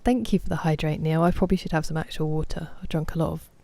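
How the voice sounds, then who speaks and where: A woman's voice: sits low, fast, dark tone. A woman in her thirties chatting casually while streaming a game, rambling off on tangents and laughing as she talks to her viewers. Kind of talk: casual chat while gaming.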